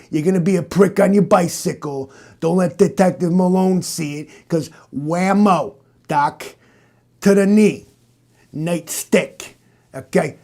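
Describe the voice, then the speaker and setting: A man voicing a brash, loud tough-guy cop who talks in a cocky, bullying way and keeps calling the other man "Doc". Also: on the high side, gravelly. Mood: bragging.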